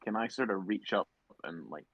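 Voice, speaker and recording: A man's voice: fairly low pitch, moderate pace, slightly rough, dry recording. A man playing a tabletop game, chatting casually and joking. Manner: joking, hesitant. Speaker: player. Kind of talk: casual chat. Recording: dull, dry lo-fi mic.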